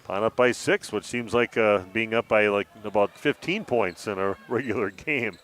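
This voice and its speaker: A man's voice: fairly low pitch, fairly bright tone. Man calling a basketball game live. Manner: brisk play-by-play with filler "uh"s. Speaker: play-by-play announcer.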